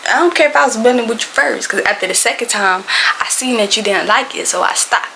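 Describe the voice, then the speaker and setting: An animated woman tells a casual storytime in a fairly high voice. She gets dramatic, jumps up in pitch for quoted lines and drops to whispers. A faint noise sits under the recording. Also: brisk, vocal fry. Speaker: storyteller vlogger.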